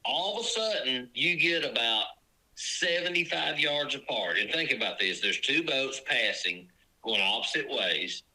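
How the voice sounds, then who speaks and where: Guy guide on a podcast, really bright voice, acts out the stories. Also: medium pitch, measured pace, low-quality recording. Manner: animated storyteller, acts out lake encounters. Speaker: fishing guide. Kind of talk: casual podcast chat.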